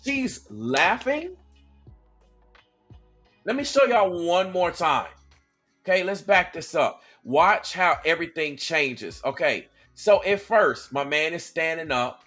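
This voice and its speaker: Animated man talking to his viewers. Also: fairly high pitch, unhurried, faint music behind. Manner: animated, talks straight to viewers. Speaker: reaction video host. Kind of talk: casual reaction commentary.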